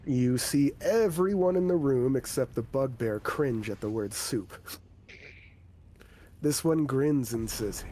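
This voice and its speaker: A man's voice: medium pitch, slow pace, warm tone, slight background noise. A man narrating a tabletop game as game master, in a loose, casual way with fillers and swearing.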